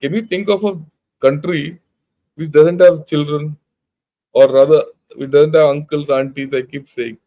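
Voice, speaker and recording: Narrow, tinny audio carries the voice of a retired general turned channel host, an older man with an Indian accent. His voice sits on the high side with fairly even intonation, a little slow. Blunt and emphatic, he reads out news in an informal, conversational talk full of restarts.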